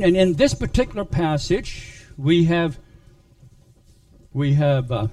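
A man preaching a sermon, retelling a Bible story in a halting way with many restarts. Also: fairly high pitch, big pitch swings, warm tone, no room sound, recorded from a distance, faint music behind.

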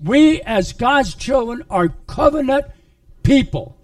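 A man preaching a sermon, retelling a Bible story in a halting way with many restarts. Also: very high voice, lively intonation, no echo, far from the mic.

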